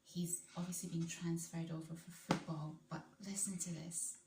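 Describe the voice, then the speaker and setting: A woman's voice: lowish voice, level tone, moderate pace, very noisy. Chatty woman in an echoey room. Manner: chatty, enthusiastic, rambling with restarts. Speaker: vlogger. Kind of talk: casual chat to camera.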